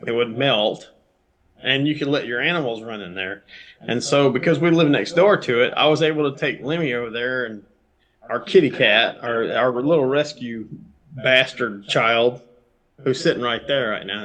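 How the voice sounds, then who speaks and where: Middle-aged Southern US man, animated yarn-spinner, salty language, remote call. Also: medium pitch, normal speed. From Georgia, US. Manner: animated storyteller, swears freely, jumps between topics. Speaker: guest. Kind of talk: casual chat.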